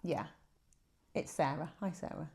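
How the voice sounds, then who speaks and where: A woman hosting a casual chat with a friend, giggly and encouraging, asking gentle questions. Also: sits low, unhurried. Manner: warm, giggly interviewer. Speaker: host.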